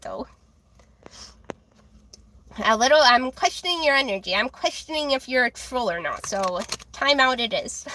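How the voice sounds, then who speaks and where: High-voiced young woman, childlike tone. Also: pushed and bright. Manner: chatty, giggly, reads chat aloud. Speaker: livestream tarot reader. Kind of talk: casual livestream chat.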